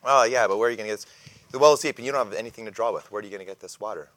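A man's voice: lowish voice, fairly bright tone, no echo, lightly acted. A man voicing a brash, skeptical woman at a well. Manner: quick, blunt and challenging.

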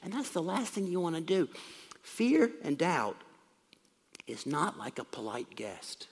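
A man's voice: fairly high pitch, very animated, unhurried, breathy edge, big-room sound. A man preaching a sermon, explaining scripture in a plain, conversational way.

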